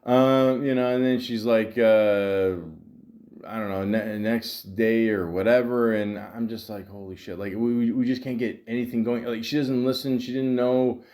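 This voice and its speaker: A man's voice: mid-range voice, fairly even intonation, a little slow, a little mellow. Frustrated rambling podcast host, man. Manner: rambling, frustrated, full of fillers and quoted back-and-forth. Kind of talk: casual storytelling monologue. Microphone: podcast microphone.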